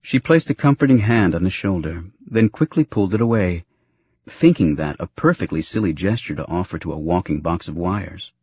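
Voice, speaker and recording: A man narrating a novel aloud in an expressive storytelling way. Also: low-pitched, moderate pace, husky. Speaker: audiobook narrator. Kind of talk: scripted narration.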